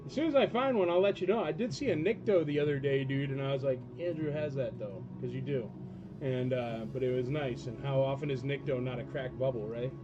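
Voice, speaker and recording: Rambling, chatty auction host. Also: male voice, mid-range voice, brisk. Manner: rambling, joking, chatty with viewers. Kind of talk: casual live-stream auction chat. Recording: dull lo-fi stream audio with loud music behind. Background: music.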